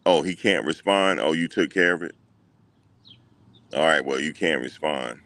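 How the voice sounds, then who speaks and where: A man hosting a casual livestream, talking back to his chat in an animated way and repeating what others said. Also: rumbling low, normal speed, no room sound. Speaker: livestream host.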